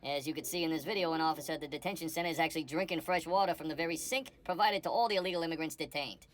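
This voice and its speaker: A woman doing a brisk, sarcastic courtroom questioner. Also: deep voice, close to an everyday voice. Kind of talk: parody dub.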